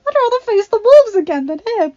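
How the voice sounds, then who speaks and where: A woman voicing a tearful high young heroine. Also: normal speed, vocal fry, dark tone. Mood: distraught. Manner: tearful, pleading, shaky breath. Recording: slightly dull, faint background music.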